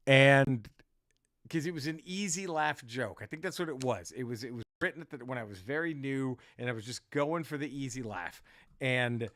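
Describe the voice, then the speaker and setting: A male comedian and podcast host telling an animated, profane story in casual chat. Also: mid-range voice, no echo, clean studio sound.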